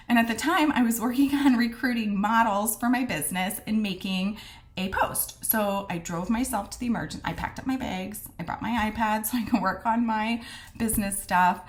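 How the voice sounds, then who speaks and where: A vlogger tells the story of her diagnosis straight to camera in a fairly high voice at a moderate pace. She's chatty and frank, acting out the conversations she remembers with quoted dialogue, and she swears mildly and uses plenty of fillers.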